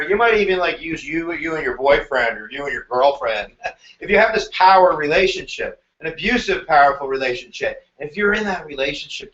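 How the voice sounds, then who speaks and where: A male history teacher giving an energetic live exam review, animated and joking. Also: fairly high pitch, echoey room, muffled recording. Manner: animated, joking, slips into silly voices.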